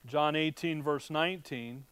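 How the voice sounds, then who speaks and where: A man's voice: a little high, unhurried, a bit bright, clear, resonant tone. A man teaching a conversational sermon to a room of listeners, talking casually with rhetorical questions and wry asides. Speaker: Bible teacher. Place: room with a live audience.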